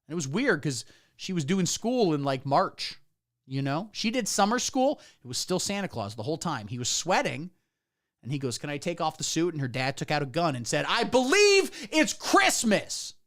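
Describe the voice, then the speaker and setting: Man, comedian, satirical livestream rant, crude and absurd, animated pitch. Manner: crude, absurd storytelling with asides to chat. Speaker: comedian streamer.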